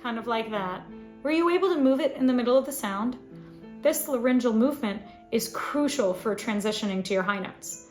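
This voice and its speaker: A woman voice teacher giving a scripted singing lesson, explaining clearly and now and then demonstrating sounds. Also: fairly high pitch, lively intonation, a little fast, darkish tone, roomy sound, faint music behind. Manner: clear instructive delivery with sung demonstrations.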